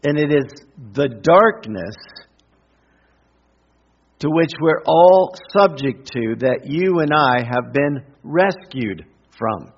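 A middle-aged male pastor preaches at an unhurried, deliberate pace, his voice a little husky. He leans on repetition for emphasis, and the recording sounds somewhat dull and muffled. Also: fairly high pitch, lively intonation. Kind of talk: sermon.

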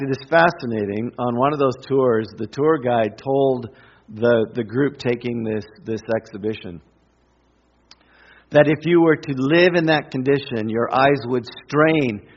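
A middle-aged male pastor preaches at an unhurried, deliberate pace, his voice a little husky. He leans on repetition for emphasis, and the recording sounds somewhat dull and muffled. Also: medium pitch. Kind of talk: sermon.

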